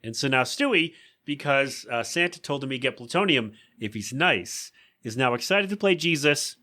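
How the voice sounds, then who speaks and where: Man host, casual recap, bright forceful voice, does silly character voices. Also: medium pitch, expressive, normal speed. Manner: chatty, acts out quoted lines in funny voices. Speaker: podcast host.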